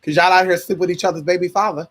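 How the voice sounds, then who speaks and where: A woman's voice: on the low side, steady tone, very fast, slightly rough. A woman ranting to her viewers in a heated, profane, sassy way, repeating rhetorical questions. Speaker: vlogger.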